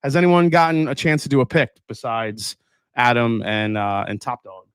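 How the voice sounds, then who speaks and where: A man's voice: medium pitch, steady tone, moderate pace, smooth, dry recording. Casual, rambling male live-streamer, dry sound. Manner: rambling, thinks aloud with fillers and restarts. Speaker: whiskey reviewer hosting a live stream. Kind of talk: casual live-stream chat, unboxing and reading chat.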